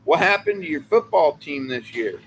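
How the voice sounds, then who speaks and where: A man's voice: fairly high pitch, moderate pace, a little hiss or hum. A man from California chatting on a livestream, rambling and joking as co-host. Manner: rambling, excitable, jokey. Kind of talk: casual livestream chat.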